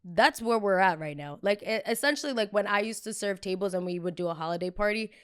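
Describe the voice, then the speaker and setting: A woman in her twenties hosting a podcast, telling a story in a casual, animated way, acting out arguments and swearing freely. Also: mid-range voice, fast, clear, resonant tone. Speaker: podcast host.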